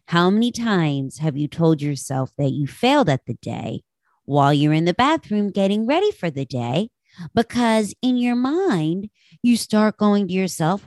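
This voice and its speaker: A woman's voice: mid-range voice, sing-song, normal speed, darkish tone, no room sound, studio quality. A woman hosting her own podcast, telling a candid, self-deprecating personal story in a casual monologue and swearing freely. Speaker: podcast host.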